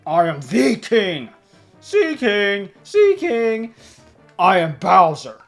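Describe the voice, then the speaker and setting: A streamer doing a loud taunting monster king. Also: medium pitch, sing-song, slow, gravelly, soft background music, heavily acted. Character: boastful male monster king villain.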